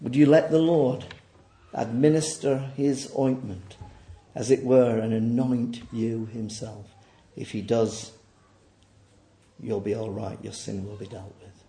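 A man preaching a sermon in a church, dropping to quiet low asides and rising to loud, high, near-shouted peaks. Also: steady tone, slow, pauses often, echoey room.

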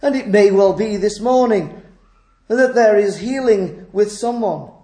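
A man preaching a sermon in an earnest way, asking rhetorical questions and moving between loud and hushed delivery. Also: high voice, a little slow, reverberant.

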